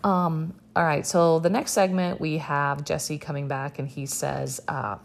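Young woman, low and gravelly, sarcastic chatty recap host. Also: level tone, a little slow. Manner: chatty and sarcastic, many fillers. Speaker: podcast host recapping a reality show. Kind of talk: casual chat.

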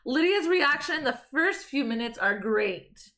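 A woman's voice: high-pitched, animated, a little slow, pushed and bright. A young woman co-hosting a podcast in casual chat, reading off her own notes. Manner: chatty, reads from her notes. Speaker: podcast co-host.

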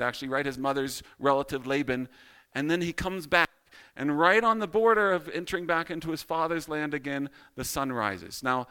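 A man's voice: on the high side, bright, forceful tone, clear, resonant tone. A man teaching a Bible study in a casual, self-deprecating way, asking rhetorical questions.

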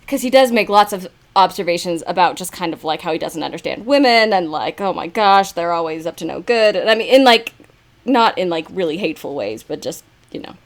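A woman in an easygoing book discussion, her voice mid-pitched and ordinary. She thinks aloud with small restarts and breaks into laughs often. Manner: thoughtful, hesitant, laughs often. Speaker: book club member. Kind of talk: casual book chat.

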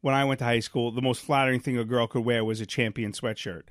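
A man's voice: medium pitch, fairly even intonation, fast talker, no room sound, clean studio sound. A man co-hosting a casual podcast who tells a self-deprecating story, rambling with many fillers. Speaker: podcast co-host.

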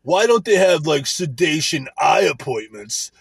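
A man's voice: fairly high pitch, sing-song, unhurried, creaky, slightly rough, no room sound, pitched above the performer's own voice, heavily acted. A man putting on the voice of a douchey middle-aged male coworker who tries to sound cool, drawling and fake-casual. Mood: smug.

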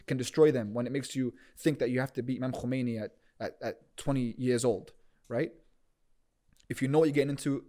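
Man, cleric, storytelling sermon, conversational, repeats words, mid pitch. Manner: conversational, repeats words while searching for them, animated asides. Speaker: Muslim cleric giving a talk.

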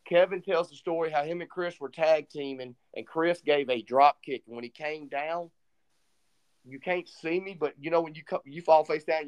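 Man telling a story, animated. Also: a little high, clear, resonant tone. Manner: animated retelling, acts out quoted dialogue. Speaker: podcast co-host. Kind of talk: casual storytelling chat.

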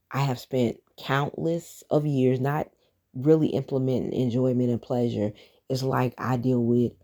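A woman hosting a solo podcast, talking through her plans in a relaxed, reflective way with lots of fillers and restarts. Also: very deep voice. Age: adult, has a daughter. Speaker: podcast host. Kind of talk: casual solo podcast talk.

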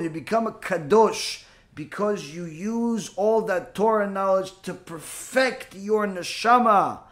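A man's voice: high-pitched, a bit bright. A man giving a sermon, telling a story dramatically, repeating key phrases and asking rhetorical questions. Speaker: preacher.

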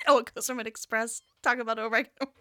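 A woman's voice: a little fast, dry recording, clean studio sound. A young woman co-hosting a casual chat, giggling often and acting out quotes. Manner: giggly, animated, acts out quotes in high voices. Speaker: podcast co-host.

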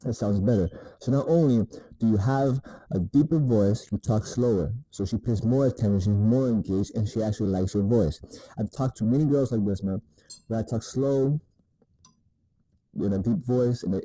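A man with a lowish, mellow voice gives laid-back, profane dating advice at a moderate pace in a rambling casual monologue, often asking "you know what I mean". The recording quality is low.

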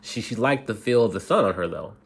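Low, husky man casually reading a bedtime story. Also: expressive. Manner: halting, restarts often, laughs at himself.

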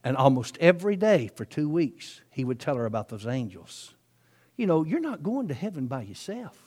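A man's voice: a little high, sing-song, moderate pace, dark tone, breathy edge. A male preacher, telling a story in his sermon in a folksy, chatty way with frequent asides.

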